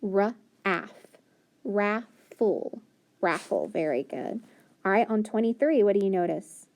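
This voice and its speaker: A woman leads a phonics lesson, sounding out each letter slowly and clearly. Her voice is mellow and warm, with frequent encouraging praise. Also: medium pitch, animated. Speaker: teacher.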